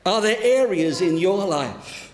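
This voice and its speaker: A man's voice: high-pitched, lively intonation, slow pace, slight background noise. A man preaching a sermon as a pastor, in a conversational, storytelling way, in a church hall. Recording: roomy church hall with long reverb.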